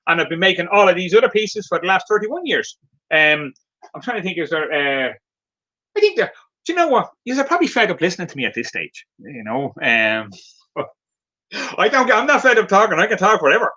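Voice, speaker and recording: A man's voice: high-pitched, sing-song, fairly quick, sharp tone, muffled recording. A man in his fifties with an Irish accent, a craftsman talking in a casual live-stream chat, rambling and chatty and laughing often. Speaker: craftsman selling his work.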